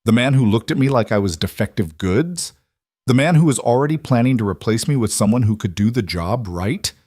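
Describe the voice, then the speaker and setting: A man's voice: medium pitch, lively intonation, brisk, darkish tone, breathy edge, no echo, studio quality. A man voicing a defiant pregnant young wife, cutting and bitter, in an audiobook reading.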